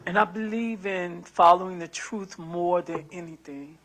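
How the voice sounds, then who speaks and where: A woman in her sixties, a prospective juror, answering questions in a courtroom in an earnest, soft-spoken, apologetic way. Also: lowish voice, measured pace, a little hiss or hum. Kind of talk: answering jury selection questions.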